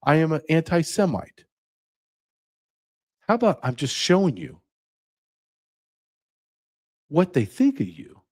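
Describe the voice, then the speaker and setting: A man's voice: fairly high pitch, very animated, slow, long pauses, a little mellow. A man hosting his own show, delivering an indignant opinion monologue with sarcastic asides. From United States. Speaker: podcast host.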